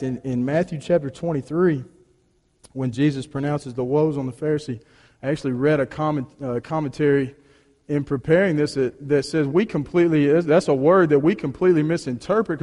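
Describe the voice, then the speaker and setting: A man's voice: fairly high pitch, moderate pace. Man preaching in a reverberant hall. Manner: conversational storytelling with frequent restarts; swings between hushed and emphatic. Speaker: pastor. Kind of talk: sermon.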